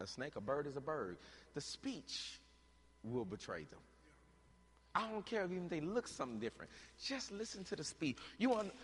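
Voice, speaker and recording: A man preaching a sermon in a church, asking rhetorical questions for the congregation to answer and swinging between shouting and quiet talk. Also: high voice, husky. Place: church hall. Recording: long hall reverb.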